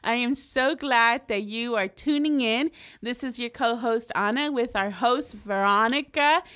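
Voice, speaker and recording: A woman's voice: fairly high pitch, a little slow, fairly bright tone. A woman co-hosting a casual faith podcast, upbeat and affirming as she reads and comments. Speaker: podcast co-host.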